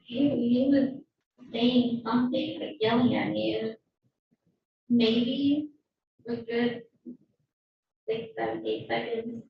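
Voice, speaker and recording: Shaken woman with gravelly voice testifying. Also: a little high, expressive, a little hiss or hum. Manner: shaken, halting retelling. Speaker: witness. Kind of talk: courtroom testimony. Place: courtroom. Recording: echoey, distant, dull courtroom audio.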